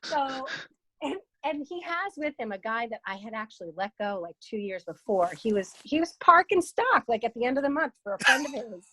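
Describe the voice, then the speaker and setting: Lively woman telling a story. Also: fairly high pitch, fairly quick, slight background noise, rough recording. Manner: lively storyteller, swears, quotes people in voices. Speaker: guest, founder and CEO of a broker-dealer. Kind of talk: casual storytelling in an interview.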